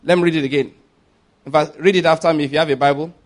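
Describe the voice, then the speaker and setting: A man preaching a sermon, reading scripture aloud slowly and with rising emphasis, then explaining it briskly and addressing the congregation directly. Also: on the high side, steady tone. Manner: addresses the congregation directly, asking them to repeat words. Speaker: pastor.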